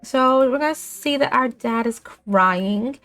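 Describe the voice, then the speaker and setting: A woman's voice: on the high side, slow, fairly bright tone, faint music behind. A young woman giving casual commentary as she plays a life-sim game, chatting along and speaking her characters' lines in her own voice. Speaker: let's play gamer.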